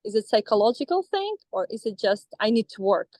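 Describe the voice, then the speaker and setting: A woman's voice: mid-range voice, sing-song, brisk, a little mellow, dry recording, low-quality recording. A woman in her thirties from Russia, speaking English with a Russian accent, hesitant with many restarts, in a coaching session. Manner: hesitant, with frequent restarts and fillers. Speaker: coaching client.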